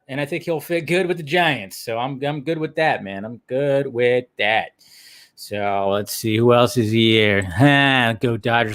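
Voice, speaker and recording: An upbeat man hosts a casual live stream and chats loosely with his viewers. His voice sits at an ordinary middle pitch. He greets people by name and rambles through friendly asides. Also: moderate pace, a bit bright. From California. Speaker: livestream host. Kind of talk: casual livestream chat.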